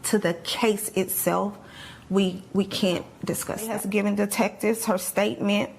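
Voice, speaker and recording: A woman's voice: mid-range voice, fairly even intonation, unhurried, creaky. A woman speaking in a news interview as a parent, pained and careful in her words.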